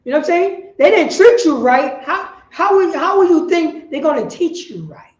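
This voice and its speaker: High-voiced woman street preaching, echoey. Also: animated, moderate pace, muffled recording. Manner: rhetorical questions, bursts of shouting.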